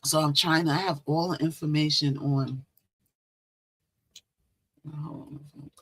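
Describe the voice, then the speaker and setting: A woman's voice: low-pitched, steady tone, slow pace, fairly bright tone, breathy edge. A woman hosting a casual live stream, chatting and repeating herself as she greets viewers. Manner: chatty, repeats phrases, talks to viewers directly. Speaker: livestream host.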